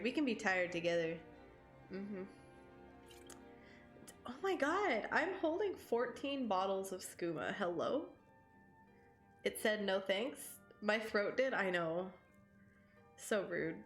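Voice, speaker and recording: Slow-talking woman streamer, scratchy throat. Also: medium pitch, expressive. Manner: chatty, swearing, laughing often. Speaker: game streamer. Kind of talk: casual live-stream chat while playing. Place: home streaming setup. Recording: roomy echo with game music behind.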